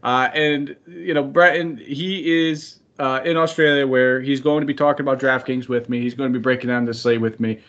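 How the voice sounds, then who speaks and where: A man's voice: medium pitch, steady tone, normal speed, hardly any pauses, a bit bright, dull audio. A man from the United States hosting a sports betting podcast in an upbeat, friendly, rambling way. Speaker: podcast host.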